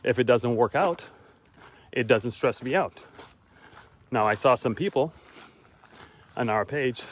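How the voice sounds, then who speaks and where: A tired, winded man talking casually while walking outdoors, repeating his key lines for emphasis with pauses. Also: medium pitch. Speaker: motivational vlogger. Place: outdoors on a walk.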